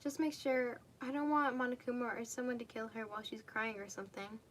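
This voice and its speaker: A blunt teenage boy student, read by a woman, with no frills in the delivery. The voice sits a bit high, with faint background hiss. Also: fairly even intonation, brisk, natural voice.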